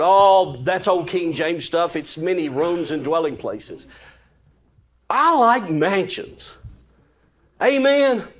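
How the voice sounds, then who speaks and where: A male pastor preaching a sermon in a folksy, animated way, full of exclamations, sometimes dropping to a hushed voice for a story. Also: sits high.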